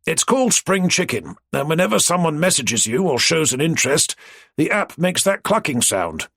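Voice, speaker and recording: A man's voice: a little high, very animated, moderate pace, gravelly, fairly bright tone, no room sound, clean studio sound, pitched above the performer's own voice, heavily acted. A man voicing a mischievous older man who teases and splutters with barely held laughter. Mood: teasing.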